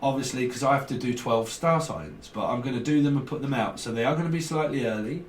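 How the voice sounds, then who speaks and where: A fast-talking man with a mid-range voice does a loose, jokey tarot reading to camera, drifting from one thought to the next and chuckling in between. Sitting well back from the mic, he sounds roomy and echoey over a faint hiss.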